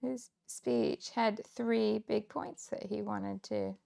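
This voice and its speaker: A woman's voice: medium pitch, fairly even intonation, slow pace, vocal fry, warm tone. A woman from Kansas hosting a scrapbooking livestream, chatting casually and laughing often as she works. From Kansas, United States. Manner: chatty, laughs often, muses aloud while working. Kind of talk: casual live chat while crafting.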